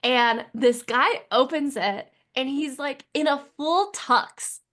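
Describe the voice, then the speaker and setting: A woman with a slightly high voice tells a story on a podcast in easy, casual chat. She talks in an animated way and packs her sentences with "like.". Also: takes it slowly. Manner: animated, filler-heavy with constant "like". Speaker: podcast co-host.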